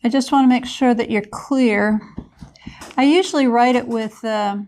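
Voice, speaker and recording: A woman's voice: a little high, moderate pace, darkish tone. A woman lecturing a chemistry class in a casual, explanatory way, with a few fillers as she goes.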